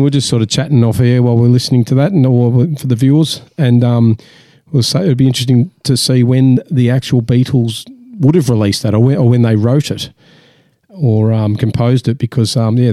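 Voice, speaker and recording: A man co-hosting a laid-back beer chat, talking in loose rambling bursts full of restarts. His voice is dark and mellow, recorded dry and close. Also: medium pitch, no room sound. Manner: rambling, halting, many restarts. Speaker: podcast co-host. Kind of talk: casual chat.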